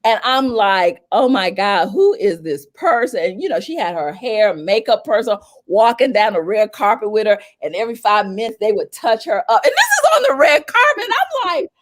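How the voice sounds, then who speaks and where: A woman from North Carolina, a celebrity publicist telling stories as an interview guest, animated and acting out what people said in a raised voice. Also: fairly high pitch, a little fast, few pauses. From North Carolina, USA. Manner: animated, acts out quotes in a raised voice. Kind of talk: storytelling in an interview.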